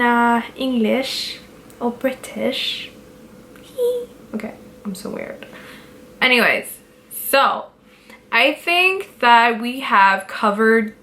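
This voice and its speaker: A woman's voice: fairly high pitch, slow, fairly bright tone, slight background noise. A young woman talking casually to her camera as a beauty vlogger, direct and giggly, filling her talk with "like". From Pakistani roots. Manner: chatty, direct, giggly, lots of "like".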